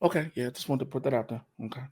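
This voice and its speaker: Husky, animated man joking around. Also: medium pitch, very fast. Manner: animated, jumps into loud joke voices. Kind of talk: casual comedic banter.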